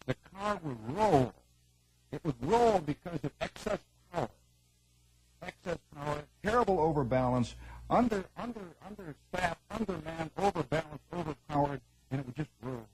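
A man telling a long personal story in an animated, conversational way, repeating words for emphasis. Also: fairly high pitch, normal speed, poor audio. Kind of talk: spoken storytelling monologue.

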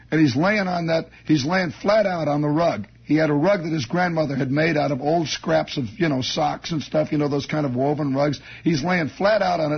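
Man, husky, slightly high voice, wry rambling storyteller, lo-fi radio sound. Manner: wry, meandering, chuckling asides. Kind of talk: rambling comic monologue. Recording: dull lo-fi radio broadcast.

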